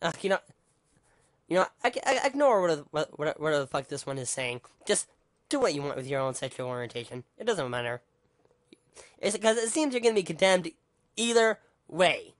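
A vlogger rants angrily into the camera, swearing a lot and stumbling over his words with repeated restarts. His voice is a little high with lively intonation at a moderate pace. The studio recording is clean, with no room sound.

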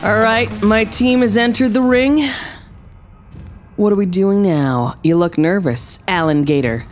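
A woman streaming a wrestling game, trash-talking with playful sarcasm, dropping low for tough lines and yelping high when surprised. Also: unhurried, faint music behind. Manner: swings between low mock-tough lines and high yelps. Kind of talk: live gameplay commentary.

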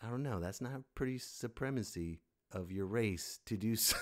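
A man's voice: lowish voice, normal speed, few pauses. A man hosting a comedy podcast, delivering a sarcastic, exasperated rant and laughing at his own jokes. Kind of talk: stand-up style comic rant.

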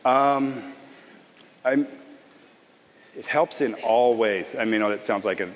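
A man giving a casual conference talk to designers, relaxed and rambling, often restarting his sentences. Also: medium pitch, takes it slowly, slight background noise. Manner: relaxed, rambling, self-correcting. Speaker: conference presenter. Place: large conference hall. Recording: long hall reverb.

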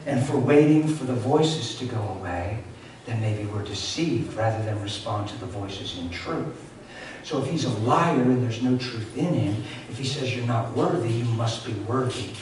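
A man preaching a sermon, telling a story with lively shifts between shouting and hushed asides. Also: medium pitch, normal speed, a little hiss or hum. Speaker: pastor. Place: large church sanctuary. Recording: echoey church hall from far off.

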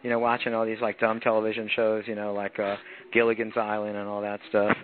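A man's voice: lowish voice, completely flat delivery, fast talker. A man who grew up in France, a guest musician chatting casually in an interview, rambling with lots of fillers. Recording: tinny phone-like line, faint noise.

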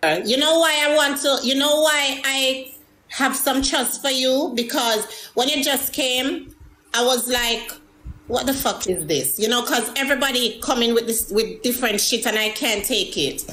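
A woman's voice: sits high, moderate pace, sharp tone, slight background noise. A woman hosting a live call, giving blunt, commanding instructions. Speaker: live stream host. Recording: echoey room.

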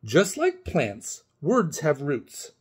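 Storybook role: a man doing a frail old woman, sharp-tongued and cross, husky edge, lively pitch. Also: exaggerated voice. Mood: stern. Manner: cross, scolding, slow and stern when teaching.

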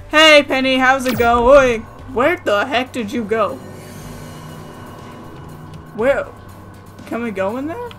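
Jumpy, bright-voiced let's-play host. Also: medium pitch. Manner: jumpy, excitable, with sudden yelps and nervous chatter. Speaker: gaming channel host.

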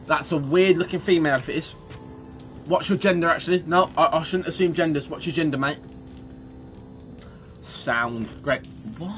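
A man's voice: fairly high pitch, moderate pace, long pauses, fairly bright tone, faint music behind. A young British man commentating a horror game, swearing a lot and jumping at scares. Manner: jumpy, swearing, crude jokes. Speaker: gaming streamer.

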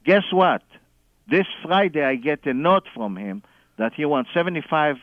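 A man phones in to a radio show and spins his story, chuckling as he goes and acting out the people he quotes. His voice sits a little high. It comes through a dull, dry phone line. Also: lively intonation, normal speed, dry recording. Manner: chuckles often while telling the story.

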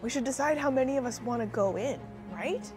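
A woman playing a tabletop game, excitable and chatty. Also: high-pitched, a little fast, faint music behind. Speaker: player.

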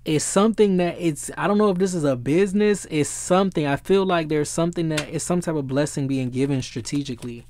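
A man giving a casual tarot reading who gets excitable, swears freely and often searches for the right word. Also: fairly high pitch, fairly quick, hardly any pauses. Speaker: tarot reader.

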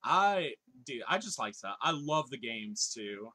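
A man's voice: mid-range voice, big pitch swings, unhurried, pushed and bright. A man in his thirties streaming live, chatting casually, reading viewers' comments aloud and laughing often.

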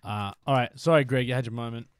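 Clear and resonant, with a mid-range voice and quick pace, this man chats casually on a live stream of a motorbike game. He teases viewers playfully and occasionally slips into whispers; there's no room sound.

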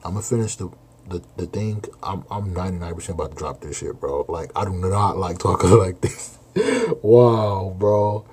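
A man's voice: sits low, fairly even intonation, a little fast, darkish tone, breathy edge. A man doing a casual live reaction, blunt and exasperated, swearing and saying "bro" constantly. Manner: slangy, swears a lot, keeps saying bro. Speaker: manga reaction streamer.

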